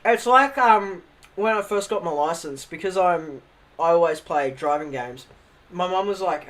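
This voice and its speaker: A man's voice: high voice, unhurried, a bit bright. A young man chatting on a live stream, telling funny family stories with lots of laughing and swearing. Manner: laughing storyteller, swears, acts out family quotes. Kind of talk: casual chat on a live stream.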